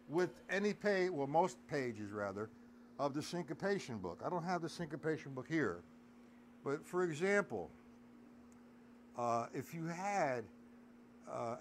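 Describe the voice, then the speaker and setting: A man's voice: medium pitch, slight background noise. A man teaching a live drum lesson, counting beats aloud and chatting with viewers in the stream chat. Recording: loud drum kit playing behind voice.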